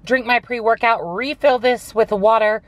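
A woman's voice: a little high, steady tone, moderate pace, dry recording. A woman narrating a casual daily vlog to her camera, upbeat and chatty, filming from her car and her office. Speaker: vlogger. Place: car in a parking lot and an office.

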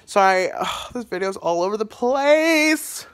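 A man's voice: sits high, expressive, unhurried, fairly bright tone, clean tone. Rambling young man vlogging. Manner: rambling, filler-heavy, laughs at himself. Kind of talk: casual emotional vlog talk.

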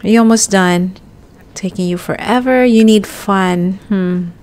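A young woman talking her way through a life-simulation game in a loose, chatty way. She coaches her character and addresses viewers directly, now and then breaking into excited yelps. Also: mid-range voice, a little slow. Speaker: gaming YouTuber. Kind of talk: casual let's-play commentary.

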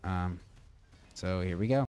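Man, casual game tutorial host, slightly low voice, rambling, stop-start delivery. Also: slow pace, darkish tone, clear, resonant tone. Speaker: gaming channel host.

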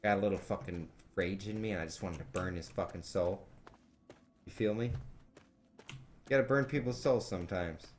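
A young man streaming a video game live, talking to viewers and cursing loudly at enemies as he plays. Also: sits low, normal speed, long pauses, slight background noise. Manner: frustrated, swearing, yelling in bursts at the game. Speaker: let's play streamer. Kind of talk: live gameplay commentary.

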